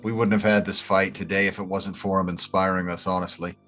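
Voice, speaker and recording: A man's voice: low-pitched, flat delivery, a little fast, a bit bright, faint music behind. Man playing a grieving, earnest adventurer. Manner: earnest, hesitant.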